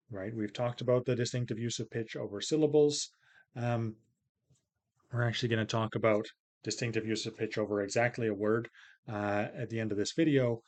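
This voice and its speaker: A man's voice: mid-range voice, darkish tone. A man giving a recorded lecture in a casual, explanatory way, with frequent fillers and small restarts.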